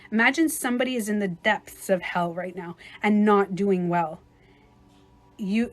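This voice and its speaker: A woman life coach with a medium-pitched voice gives a casual livestream talk. She's chatty, laughs easily, and acts out little scenarios as she explains.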